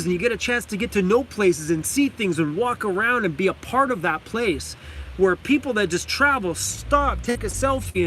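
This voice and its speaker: A man's voice: high voice, sharp tone, slight background noise. A man from Canada chatting casually on a live stream from his van, enthusiastic, laughing often and reading chat names aloud. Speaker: vlogger hosting a live stream. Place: inside a parked van.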